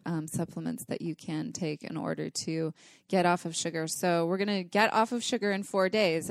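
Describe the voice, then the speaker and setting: Woman, lowish voice, relaxed explaining, dry close sound. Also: no echo. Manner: relaxed, laughs easily, explanatory. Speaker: guest, Chinese medicine doctor. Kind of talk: casual podcast interview.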